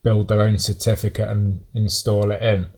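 A man hosting a casual tech podcast, talking thoughtfully with frequent pauses and ums. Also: lowish voice, little pitch movement, mellow, slightly rough. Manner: thoughtful, hesitant with many ums. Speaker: podcast host.

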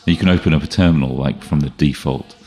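Super deep voiced guy cohosting a tech podcast, rambly, keeps restarting sentences. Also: fast, darkish tone, slightly rough. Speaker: podcast co-host. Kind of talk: casual tech chat.

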